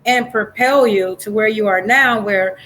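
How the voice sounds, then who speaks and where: A woman hosting a casual interview, affirming her guest and pausing to search for her words. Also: mid-range voice, fairly bright tone, slight background noise, low-quality recording. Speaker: talk show host.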